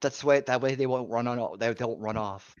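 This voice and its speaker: A man's voice: medium pitch, moderate pace, clean tone, no room sound. A man co-hosting a casual stream chat, speaking with mock-formal politeness and calling people sir. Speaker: stream co-host. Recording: dull lo-fi stream audio.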